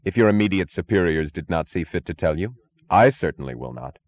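A man voicing a calm, hard, authoritative male rescuer in an audiobook. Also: sits low, fairly quick. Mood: cold command. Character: cold, commanding male rescuer. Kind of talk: audiobook character voice.

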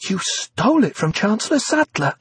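A man reading aloud, voicing an earnest, eager young woman in a raised, breathy voice. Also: a little high, very animated, normal speed, a little mellow, dry recording, voice pushed up, full character voice.

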